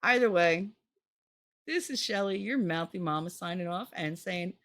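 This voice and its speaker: A woman hosting her channel, commenting casually on a book she reads from, blunt and joking, swearing freely and swooping into squeaky high notes. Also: moderate pace, a bit bright, no room sound.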